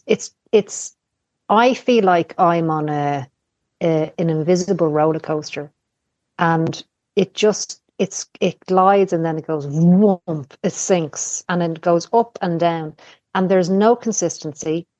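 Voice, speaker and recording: A woman speaking as a podcast guest in casual chat, candid and searching for words, pausing and restarting. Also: fairly low pitch, darkish tone, no room sound, highs cut off.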